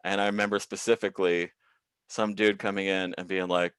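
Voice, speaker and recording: A male comedian telling work stories over a video call, animated and swearing freely, acting out quoted people in raised voices. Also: low-pitched, a little fast, smooth, no room sound. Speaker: comedian guest.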